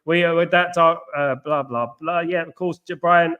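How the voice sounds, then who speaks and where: The lo-fi sound carries a smooth, slightly high male voice at normal speed with fairly even intonation. He's hosting a live football watchalong, chatting casually and answering viewers in an exasperated way.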